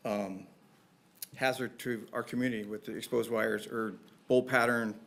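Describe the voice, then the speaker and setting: A man briefing a city council as a division manager, earnest and a little halting. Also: mid-range voice, steady tone, vocal fry, a bit bright. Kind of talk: staff briefing at council meeting.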